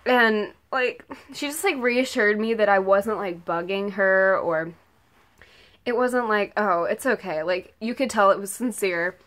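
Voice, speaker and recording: Teen girl vlogging, super gushy and rambly, like every other word, middle pitch. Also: unhurried, fairly bright tone. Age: late teens. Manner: gushing, rambling, heavy use of "like" and "oh my god". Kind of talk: casual storytime vlog.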